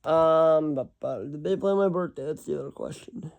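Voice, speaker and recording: A man's voice: fairly high pitch, normal speed, creaky, a little mellow, dull audio. A man in casual solo commentary, rambling and correcting himself as he reads long lists of teams aloud. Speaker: hockey fan ranking team schedules.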